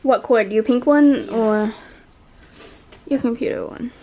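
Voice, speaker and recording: A woman's voice: a little high, takes it slowly, muffled recording, a little hiss or hum. A young woman chatting casually in a vlog from a hotel room, rambling with lots of fillers. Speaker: student vlogger.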